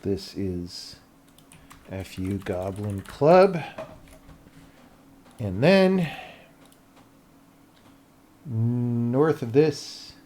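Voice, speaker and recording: A man narrating his own work on a livestream, thinking aloud in a loose, muttering way. He talks slowly and drawls through pauses, with a voice of ordinary pitch. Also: expressive, dark tone, slight background noise. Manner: slow, thinking aloud, mumbling asides. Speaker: game developer streamer. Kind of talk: casual livestream commentary while working.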